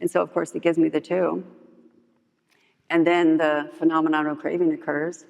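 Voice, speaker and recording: A woman with a creaky voice shares her recovery story at a meeting at normal speed, casual, candid and humorous with many "like" fillers. She acts out others' dialogue in a higher voice as an animated storyteller. The recording is muffled and carries the long reverb of a large meeting hall.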